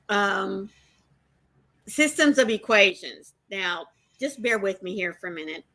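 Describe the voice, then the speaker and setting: Older woman, bright slow chat. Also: mid-range voice. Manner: chatty storyteller, teacherly explanations. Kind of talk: casual livestream chat.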